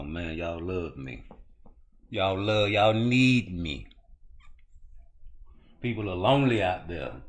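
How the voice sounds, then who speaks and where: Slow laid-back man hosting a talk show. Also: low voice. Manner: slow, laid-back street slang, drifting into singing and preaching. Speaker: boxing podcast host. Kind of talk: casual solo talk show.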